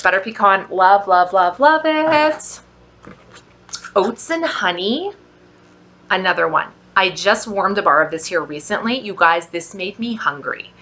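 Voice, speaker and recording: A woman vlogger giving a casual product review, gushing with drawn-out exclamations and soft whispered asides. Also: mid-range voice, a little hiss or hum.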